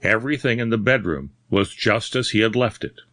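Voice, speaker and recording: A man narrating an audiobook ghost story in measured, expressive storytelling. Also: lowish voice, dry recording. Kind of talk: scripted narration.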